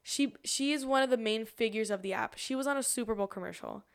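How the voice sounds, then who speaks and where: Excitable young woman, high voice. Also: fast talker. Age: 20s. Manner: excitable, animated storyteller. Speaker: podcast co-host. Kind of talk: casual chat.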